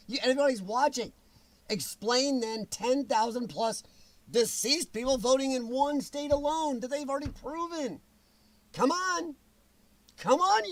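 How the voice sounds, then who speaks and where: A man hosting a livestream, ranting angrily and sarcastically with plenty of profanity. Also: extremely high pitch. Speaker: livestream host.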